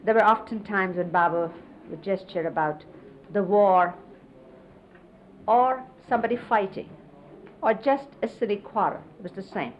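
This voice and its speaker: A middle-aged woman casually reminiscing, explaining hand gestures in an unhurried, conversational way and often quoting others. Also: medium pitch. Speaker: interviewee recalling life with a spiritual teacher. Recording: lo-fi 1970s videotape, faint hiss.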